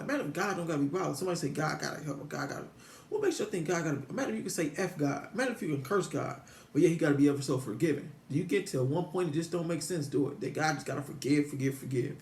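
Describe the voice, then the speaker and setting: Rambling man, quick delivery, echoey room. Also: on the high side, slight background noise. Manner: meandering, repetitive, frequent restarts, rhetorical questions. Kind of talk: rambling religious musing to viewers.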